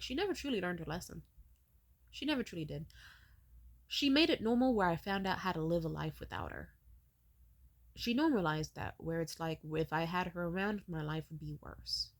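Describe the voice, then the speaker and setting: Woman in her 20s, lowish voice, vlog rant, blunt and bitter with a lot of swearing. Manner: wide pitch swings when animated. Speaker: vlogger. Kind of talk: storytelling rant.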